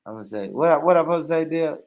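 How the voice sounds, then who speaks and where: A man's voice: a little high, expressive, racing. A man hosting a livestream, chatting casually and laughing often as he tries out new phrases. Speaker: livestream host.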